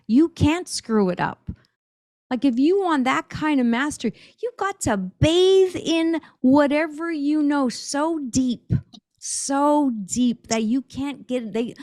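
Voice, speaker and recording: A woman's voice: high-pitched, dry recording, studio quality. A middle-aged woman, a world percussionist and drum teacher, speaking as a guest on a podcast interview in an emphatic, enthusiastic way with frequent laughs.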